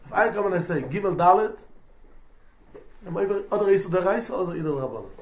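A man's voice: high-pitched, animated, fast. A man teaching a Torah lesson, explaining point by point and mixing in Hebrew and terms. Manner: mixes English with Hebrew and Yiddish terms, explanatory. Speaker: rabbi teaching halacha. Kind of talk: Torah lecture.

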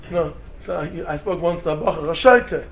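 A man's voice: on the high side, fairly quick, creaky, muffled recording. Man, rabbi, Torah lecture, rhetorical questions, faint noise behind. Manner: animated, rhetorical questions, mixes in Hebrew and Yiddish terms. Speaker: rabbi teaching students. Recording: echoey room, faint background noise.

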